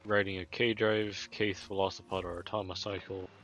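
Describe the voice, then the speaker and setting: A man's voice: low-pitched, little pitch movement, moderate pace, highs cut off. A man playing with friends, talking in a hesitant, sleepy, mumbling way. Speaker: co-player. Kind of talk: casual gaming chat.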